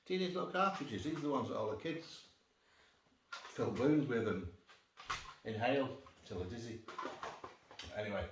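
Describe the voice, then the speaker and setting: In a casual cheese-tasting vlog, a male food vlogger rambles with jokey asides, his medium-pitched voice lively, moving at a moderate pace with frequent pauses. It's recorded on a phone with no external mic, so the sound is roomy and distant with faint noise.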